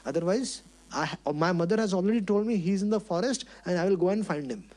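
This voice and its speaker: A male preacher plays a small, fiercely determined boy in a devotional story. The voice sits high, eager and earnest, pleading and insisting by turns. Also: quick pace, darkish tone, natural voice. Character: five-year-old boy, determined devotee.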